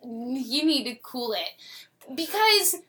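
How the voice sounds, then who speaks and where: Bright-voiced chatty young woman. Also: sits high, big pitch swings, slow. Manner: chatty, opinionated, many filler likes. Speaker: podcast co-host. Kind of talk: casual discussion.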